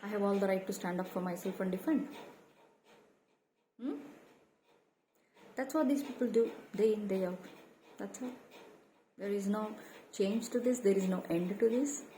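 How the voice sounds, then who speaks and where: Indignant woman with a mellow, dark voice. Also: medium pitch, normal speed, long pauses, a little hiss or hum, low-quality recording. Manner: emphatic, repeats rhetorical questions; indignant, quotes others in raised mocking tones. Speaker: vlogger. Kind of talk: solo monologue to camera.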